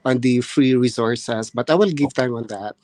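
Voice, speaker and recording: A man's voice: medium pitch, normal speed, darkish tone, no room sound. A man answering mock speaking test questions hesitantly, with many fillers and restarts, and speaking politely. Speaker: nursing candidate practising for a speaking test. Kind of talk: mock exam answer and chat.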